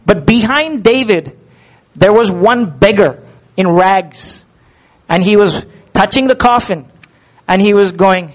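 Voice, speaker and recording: A male pastor delivering a sermon, animated and full of rhetorical questions. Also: sits high, normal speed, rough recording.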